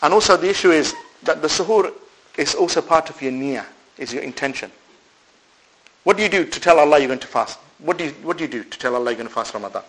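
An Islamic preacher delivers a sermon to a live audience, posing rhetorical questions and answering them himself while weaving in Arabic religious phrases. His voice is a little high and fast, animated and swinging between loud and soft, captured in a rough recording.

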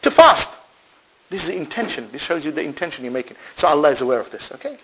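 The recording is rough with slight background noise, carrying a man's fairly high-pitched voice at a quick pace. He's an Islamic preacher addressing a live congregation, animated and swinging from loud to soft, questioning rhetorically, supplying his own answers, and using Arabic religious phrases.

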